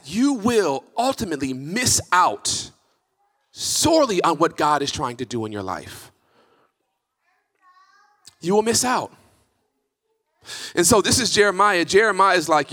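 A male pastor preaching a sermon in a church, impassioned and emphatic, building to near-shouts. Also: sits high. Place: church sanctuary. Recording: reverberant church hall.

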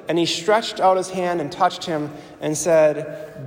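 A man delivering a sermon in a church, speaking with earnest, conversational conviction and repeating himself for emphasis. His fairly high voice rings out into a large, echoey space with a long reverb tail. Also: fairly even intonation, moderate pace, a little mellow. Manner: earnest, repetitive, conversational preaching.

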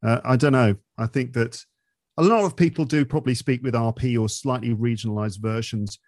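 A man from England speaks in a modern Received Pronunciation accent, with faint Midlands and London traces. His tone is chatty and explanatory, and he thinks aloud with frequent hedges. His voice sits at a middle pitch, and the sound is dry and close. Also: a little fast, darkish tone, no echo. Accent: modern Received Pronunciation, slight Midlands and London traces. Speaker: English teaching podcast host, interview guest. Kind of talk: casual explanatory chat.

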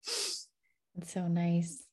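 A woman with a somewhat low voice hosts a podcast. She talks in a chatty, enthusiastic way, with loose phrasing and easy fillers. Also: sing-song, drawn-out words, a little mellow. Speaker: podcast host. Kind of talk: casual podcast conversation.

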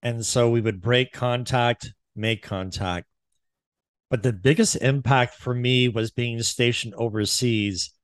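Male veteran host, mid pitch, dry sound, sincere and moved. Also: steady tone, slow, clear, resonant tone, no echo. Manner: emotional, heartfelt recollection. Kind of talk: casual interview.

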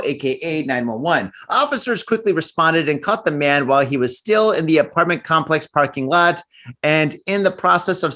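A man co-hosts a casual podcast, reading news items aloud and breaking off to joke and laugh. His voice sits a little high and swings widely in pitch. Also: fairly bright tone. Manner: jokey, laughs often, puts on silly voices. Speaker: podcast co-host.

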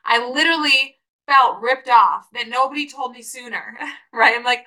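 Bright, upbeat Christian podcast woman. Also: sits high, moderate pace, poor audio. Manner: enthusiastic, preachy, rising to exclamations. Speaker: podcast host. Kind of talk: encouraging faith-based podcast talk.

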